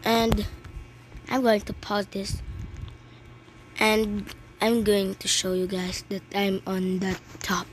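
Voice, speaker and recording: A woman from the Philippines, giving excitable, chatty commentary on her gameplay with many exclamations. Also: mid-range voice, takes it slowly, long pauses, rough recording. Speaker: gaming channel host. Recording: clear background noise with clicks.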